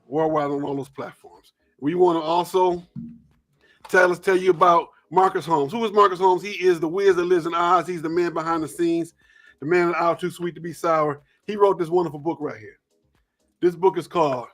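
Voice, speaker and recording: A man's voice: on the high side, a bit bright. A man hosting a live sports talk show, chatting loosely with many ums and repeated words. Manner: loose, repetitive, fills pauses with uh.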